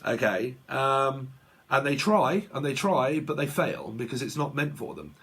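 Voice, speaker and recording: A man's voice: mid-range voice, lively intonation, a little slow, a bit bright, husky. A man talking as a tarot reader in a blunt, sweary casual vlog rant, laughing often.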